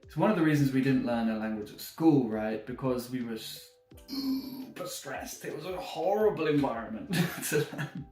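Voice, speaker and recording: A British man coaching language learners to camera in a relaxed, encouraging way, often chuckling as he talks. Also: medium pitch, brisk. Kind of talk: motivational talk to camera. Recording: echoey room with faint music.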